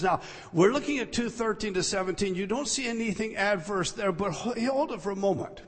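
A man's voice: a little high, long reverb tail. A man preaching a verse-by-verse sermon as pastor, stressing points by repeating words and phrases. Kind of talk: expository sermon.

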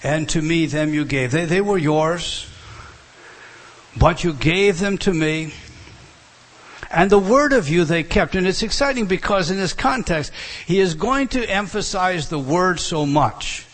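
A man gives an expository Bible lesson as a preacher. His voice sits a little high and has a husky edge. He is animated and often repeats and restarts phrases as he works through the text. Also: unhurried.

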